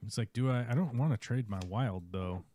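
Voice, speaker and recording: A man's voice: medium pitch, a little fast, mellow. A male streamer giving casual, wry commentary while he plays a strategy game live.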